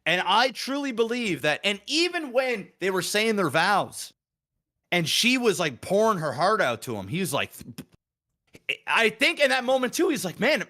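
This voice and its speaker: A man in casual podcast chat, his voice pitched high and swinging widely as he talks. He is animated and profane, acting out his reactions as he goes, with a bright, sharp tone. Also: moderate pace. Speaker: podcast co-host.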